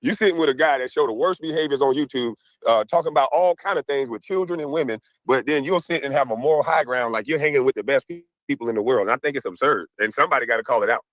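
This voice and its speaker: A man on an online panel calmly and persistently lecturing the hosts in a heated debate. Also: mid-range voice, fast talker, few pauses, no room sound, poor audio. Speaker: panel guest.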